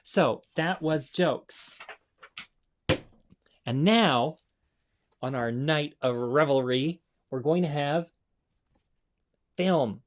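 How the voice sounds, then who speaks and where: A man's voice: fairly high pitch, very slow, pauses often, a little hiss or hum. A man hosting a comedy show, telling jokes in a chatty, self-mocking way. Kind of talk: joke telling to an audience.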